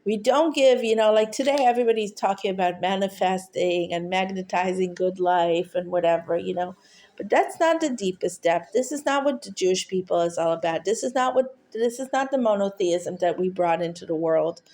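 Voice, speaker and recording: A woman telling a heartfelt teaching story, halting often with fillers and restarts. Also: mid-range voice, a little mellow. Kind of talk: storytelling talk.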